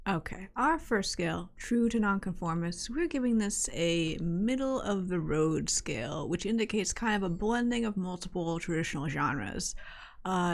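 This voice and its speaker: A woman co-hosting a podcast, reviewing a metal album in casual, wry chat. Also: fairly low pitch. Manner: chatty, wry, laughs often.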